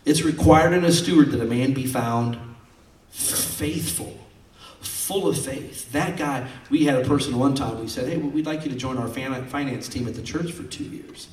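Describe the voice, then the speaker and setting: A man's voice: medium pitch, a little fast, hardly any pauses. A male pastor preaching a sermon, telling stories in a folksy, conversational way. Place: church sanctuary. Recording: roomy sound from far off.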